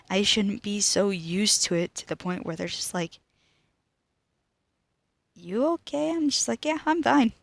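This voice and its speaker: A teenage girl speaking to camera about her own life, emotional and halting, often dropping to a whisper. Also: mid-range voice, no room sound. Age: teens. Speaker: student vlogger. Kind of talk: personal talk to camera.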